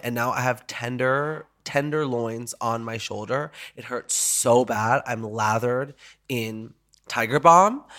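Bright-voiced jokey man hosting. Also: mid-range voice. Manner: jokey, animated, swearing. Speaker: podcast host. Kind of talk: casual podcast chat.

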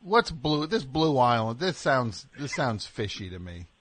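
A man's voice: mid-range voice, big pitch swings, unhurried, a bit bright, slight background noise. A man hosting a comedic radio call-in show, sarcastic and mock-scolding with callers, rambling through fillers. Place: radio studio.

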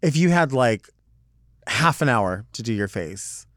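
A mid-pitched man hosts a relaxed podcast conversation, throwing out playful questions and quick reactions. His voice sounds dry and close to the mic. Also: no room sound. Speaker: podcast host. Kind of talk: casual chat.

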